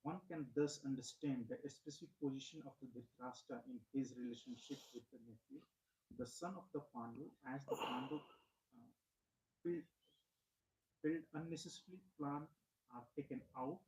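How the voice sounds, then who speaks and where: Halting man reading aloud in an echoey room. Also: medium pitch, darkish tone. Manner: halting, stumbles and repeats words.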